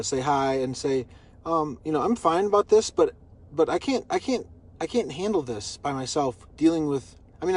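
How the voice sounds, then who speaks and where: A man's voice: mid-range voice, a little mellow, slightly rough. A man recording a personal video message, rambling and repeating himself as he vents his frustration. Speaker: vlogger.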